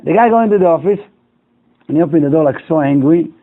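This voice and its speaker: A man's voice: a little high, expressive, fast talker. A rabbi telling a moral story to his class in broken English, acting out each character's lines. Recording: tinny, phone-like lo-fi recording.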